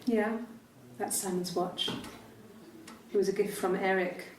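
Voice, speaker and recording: An actress with a British accent playing a composed young wife who speaks softly and reflectively in a police interview. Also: female voice, mid-range voice, steady tone, natural voice. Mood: calm. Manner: soft-spoken, measured, reflective. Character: composed young wife recalling her wedding. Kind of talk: naturalistic screen acting. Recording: roomy interview room from a distance, faint hiss.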